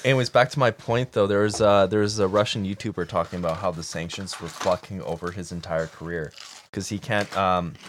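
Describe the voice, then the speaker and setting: Young man ranting, low voice. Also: a little fast, slight background noise. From Canada. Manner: profane, animated ranting. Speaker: podcast co-host. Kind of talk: casual chat.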